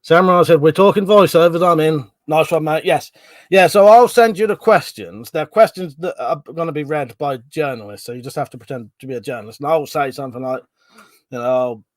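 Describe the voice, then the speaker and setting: A man whose voice is on the high side hosts a casual livestream, reading comments in a chatty way, laughing often and swearing plenty. There's no room sound in the recording.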